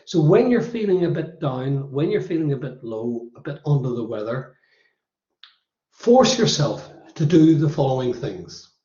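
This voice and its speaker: A Northern Irish man leads a motivational workshop in a mellow, fairly high voice. He talks emphatically and counts off his points one at a time. The recording sounds roomy and a little dull. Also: expressive, measured pace. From Northern Ireland. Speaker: workshop presenter.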